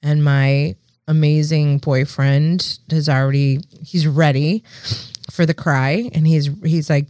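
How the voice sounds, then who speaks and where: A woman's voice: deep voice, fairly even intonation, slow pace, warm tone, no echo. A woman co-hosting a podcast in casual chat, earnest and often restarting her sentences. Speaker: podcast co-host.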